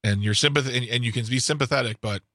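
Male talk radio co-host, chatty and wisecracking, bright voice, dry close studio mic. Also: mid-range voice, dry recording. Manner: chatty, jokey, quick to agree. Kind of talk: casual talk radio discussion. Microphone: studio microphone.

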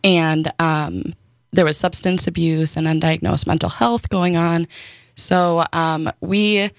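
A young woman from Wisconsin telling her personal story as a radio guest, soft and hesitant with many pauses. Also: fairly low pitch, steady tone, no room sound.

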